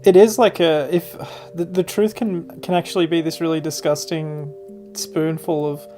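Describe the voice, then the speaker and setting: Man, podcast co-host, casual chat, dry joking manner, somewhat high voice. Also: flat delivery, normal speed, over music.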